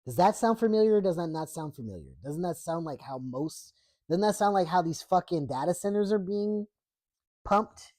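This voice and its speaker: A woman's voice: fairly low pitch, animated, normal speed, warm tone. A woman hosting a book reading, breaking off often for sarcastic, profane political commentary. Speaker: host reading a book aloud.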